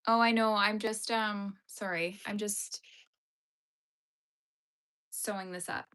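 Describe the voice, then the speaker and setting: Speaking slowly in a steady, medium-pitched voice with a fairly bright tone, a Canadian woman from Yellowknife runs a knitting livestream. She casually answers viewer comments, laughs readily, and says "like" often.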